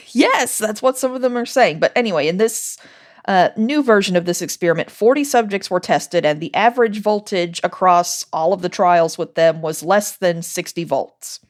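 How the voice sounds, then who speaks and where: A woman's voice: lowish voice, moderate pace. A woman hosting a podcast, explaining things in casual chat and laughing often. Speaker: podcast host.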